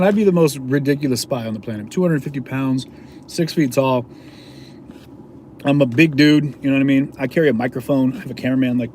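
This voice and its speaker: A man's voice: mid-range voice, a little mellow, a little hiss or hum. A man, an independent video journalist, casually telling a story to his viewers in a slangy, laid-back way, chuckling often.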